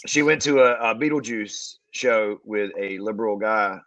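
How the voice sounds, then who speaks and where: A man's voice: fairly low pitch, moderate pace, a bit bright, poor audio. A man cohosting a comedic talk show over a video call, asking wry rhetorical questions and setting up jokes. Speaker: co-host.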